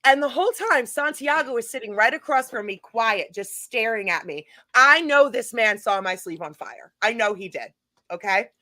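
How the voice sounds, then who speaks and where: Woman, guest storyteller, bright voice, animated, laughs a lot. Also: a little high, normal speed, no echo. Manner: animated, laughs while telling stories. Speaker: guest, paranormal event organizer. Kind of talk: casual storytelling.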